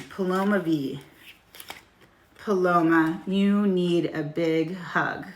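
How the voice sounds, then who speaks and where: On a phone-recorded live stream, a tarot reader, a middle-aged woman with a lowish, fairly bright voice, gives a laid-back reading. She's blunt, curses liberally, and addresses her viewers by name.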